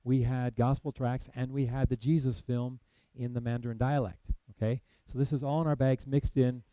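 Man, preacher, mellow tone, dry close sound, dramatic sermon storytelling. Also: mid-range voice, moderate pace, no echo, poor audio. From United States. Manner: animated storytelling, acts out quoted voices, then hushed and solemn.

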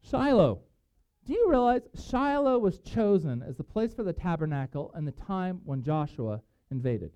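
A pastor telling stories in a casual, animated sermon with self-deprecating asides. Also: male voice, high-pitched, normal speed, clear, resonant tone, highs cut off.

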